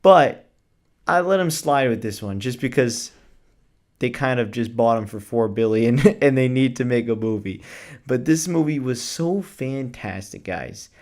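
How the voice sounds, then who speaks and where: On his vlog, a man reviews a film with gushing enthusiasm, plenty of casual filler words and the odd swear word. His medium-pitched voice is expressive, unhurried and darkish in tone.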